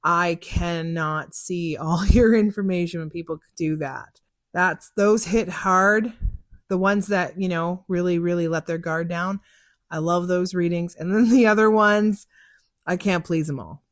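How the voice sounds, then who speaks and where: Sitting in a car, a young woman who hosts a psychic podcast answers listener questions in casual chat, candidly discussing her work, laughing often and acting out what people told her. Her voice is lowish for a woman with fairly even intonation and a measured pace, recorded close and dry without room sound.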